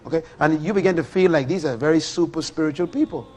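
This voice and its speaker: A middle-aged man preaching a sermon, animated and full of rhetorical questions to his listeners. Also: fairly high pitch, fast.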